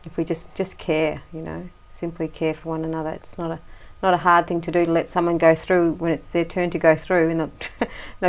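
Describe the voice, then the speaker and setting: An Australian woman interviewing her brother in a casual, rambling chat, laughing often. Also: fairly low pitch.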